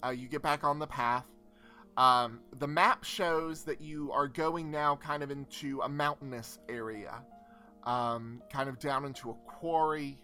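A young man narrating a tabletop game as game master, relaxed and hesitant with frequent pauses. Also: medium pitch, soft background music. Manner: relaxed, hesitant with many ums.

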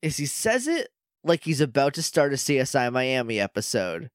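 A man co-hosting a casual podcast, recapping a show with quick, animated impressions of the characters. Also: medium pitch, no echo, studio quality. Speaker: podcast co-host.

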